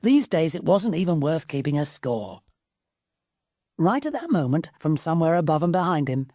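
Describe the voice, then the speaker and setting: A woman reads the story in a lower register with a lively, bouncing delivery. She shifts her voice to play each character. The sound is close and dry, with no room around it. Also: dry recording. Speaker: audiobook narrator. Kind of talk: scripted narration.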